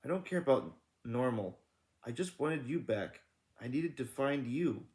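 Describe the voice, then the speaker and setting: A man's voice: mid-range voice, animated, a little slow, a little mellow, natural voice. A man doing a tender, emotional mother.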